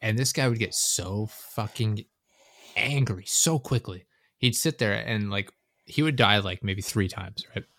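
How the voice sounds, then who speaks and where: A man's voice: lowish voice, measured pace, a bit bright, no room sound, clean studio sound. A young man hosting a casual gaming podcast, rambling and swearing often, with frequent laughter. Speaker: podcast host.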